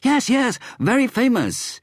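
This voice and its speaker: A man voicing an excitable stranger in a crowded lift who halts and insists. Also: husky, no echo, studio quality, heavily acted. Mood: eager. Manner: high, halting, insistent.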